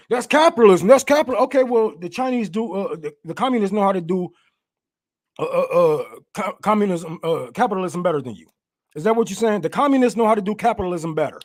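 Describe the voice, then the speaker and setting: High-voiced man on a profane rant. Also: expressive, fast. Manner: profane, laughs often, heated. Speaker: political commentator. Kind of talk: casual political rant.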